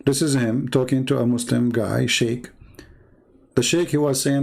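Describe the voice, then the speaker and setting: A man's voice: medium pitch, fairly even intonation, measured pace, gravelly, a little mellow. A man hosting a livestream, talking in a blunt, combative and repetitive way. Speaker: host. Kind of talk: livestream commentary.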